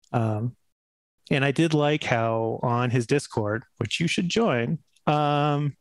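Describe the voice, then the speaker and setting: A man who is a cast member on a gaming stream, speaking earnestly in casual chat, halting and restarting often. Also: medium pitch, no room sound.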